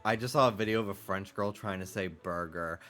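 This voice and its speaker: A man's voice: on the low side, fairly quick, fairly bright tone, faint music behind. A man streaming a game and chatting casually, rambling and profane, sarcastic, laughing often, from the United States.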